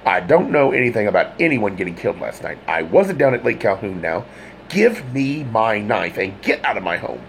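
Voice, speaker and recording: A man voicing an indignant, hot-tempered young man who rants and shouts, his pitch climbing high. The voice swings widely and carries a gravelly rasp, with a faint hum of ambience behind it in this audiobook. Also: sing-song, moderate pace. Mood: furious.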